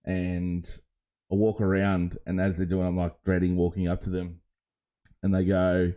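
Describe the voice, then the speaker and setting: Mellow-voiced Australian man spinning a yarn. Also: low-pitched, normal speed. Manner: rambling storyteller, chuckling, animated quoting. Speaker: podcast co-host. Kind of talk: casual chat.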